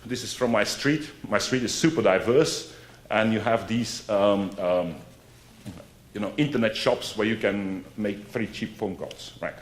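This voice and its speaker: A man's voice: lowish voice, a little slow. A man gives a conference lecture in a loose, conversational way. He keeps checking in with his listeners and repeats his key points for weight. His voice carries a roomy echo from the hall. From Belgium. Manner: conversational, frequent "right?" and "eh?" asides, emphatic repetition. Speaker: academic lecturer. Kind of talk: academic conference talk.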